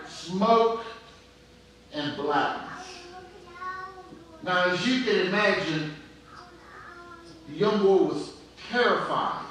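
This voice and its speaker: A middle-aged male pastor preaching slowly and deliberately, letting his words hang between pauses. His voice sits a little high for a man. It is recorded from far off in a very echoey church sanctuary, with faint room noise underneath. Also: fairly bright tone. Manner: storytelling preacher, pauses often, prays aloud. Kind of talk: sermon.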